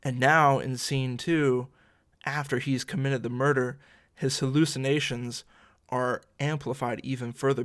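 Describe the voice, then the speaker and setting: A man teaching literature in a relaxed, conversational lecture, explaining a play scene by scene with slangy asides. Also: medium pitch.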